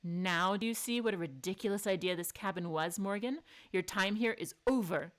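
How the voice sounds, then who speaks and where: Woman reading icy villain commander, bored, calm and clipped. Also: mid-range voice, moderate pace, close to an everyday voice. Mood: cold.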